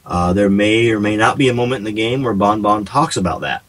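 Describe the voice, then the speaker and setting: A man with a fairly low voice chats easily as a guest on a radio show. He talks at length about his project, restarting phrases here and there as he goes. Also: a little fast, rough recording. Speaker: game developer guest. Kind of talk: casual radio interview.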